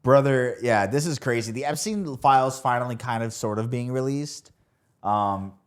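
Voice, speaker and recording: A man's voice: mid-range voice, moderate pace, smooth. A young man co-hosting a podcast, chatting casually in a crude, joking way. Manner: crude, joking, riffs into mock impressions. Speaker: podcast co-host.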